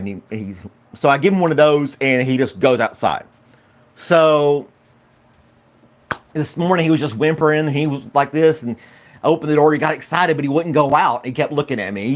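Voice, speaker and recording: A man hosting a casual morning livestream, chatty and rambling, greeting viewers by name and laughing often. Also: medium pitch. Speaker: podcast host.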